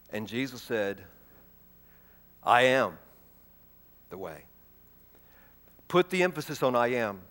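A man preaching a sermon, reading scripture aloud and stressing key words with repetition, moving between loud proclamation and soft, hushed delivery. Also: medium pitch. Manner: emphatic, repeats key words, swings from loud proclaiming to soft near-whisper.

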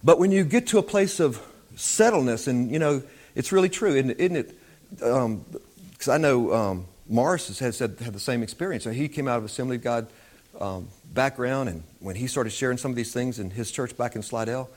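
A man's voice: mid-range voice, lively intonation, normal speed, a little mellow. A man preaching an informal Bible teaching in a conversational way, often repeating himself.

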